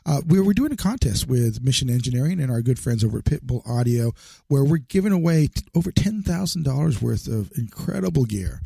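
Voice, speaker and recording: A man's voice: medium pitch, very animated, fairly quick, creaky, warm tone, husky, no room sound. A man hosting a podcast in a casual, rambling way, laughing often. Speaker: podcast host. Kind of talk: casual interview chat.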